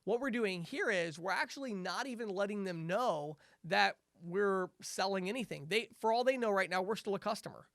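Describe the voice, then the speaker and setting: High-voiced upbeat male sales trainer. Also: moderate pace, hardly any pauses, no room sound, studio quality. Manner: energetic, coaching, acts out upbeat sales greetings.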